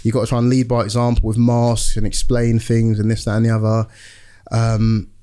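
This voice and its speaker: A man's voice: medium pitch, completely flat delivery, normal speed, warm tone, clean tone. Chatty young man telling stories. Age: young adult. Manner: chatty storyteller, acts out patients' lines. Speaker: football club doctor, podcast guest. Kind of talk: casual chat.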